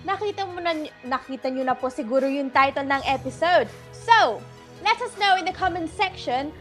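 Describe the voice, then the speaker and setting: A woman's voice: high voice, animated, fairly quick, a bit bright, soft background music. A young woman with a Filipino accent co-hosting a live show and reading viewer greetings, bubbly and giggly, switching between English and Tagalog. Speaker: co-host.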